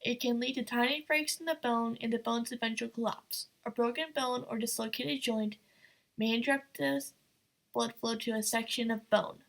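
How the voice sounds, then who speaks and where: A woman's voice: on the high side, fairly even intonation, moderate pace, low-quality recording. A woman chatting offhandedly as she reacts to a video, with casual asides.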